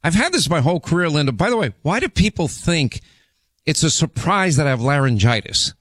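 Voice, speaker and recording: Talk radio host, man in his sixties, laryngitis-hoarse, emphatic rambling delivery, dry studio sound. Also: on the high side, big pitch swings, fairly quick, fairly bright tone, no room sound. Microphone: studio microphone.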